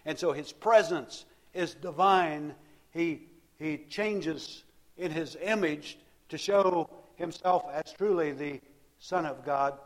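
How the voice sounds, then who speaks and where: A male preacher delivering a sermon in a slightly higher-pitched voice. He narrates like a storyteller, often repeating words and restarting phrases as he goes. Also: slow.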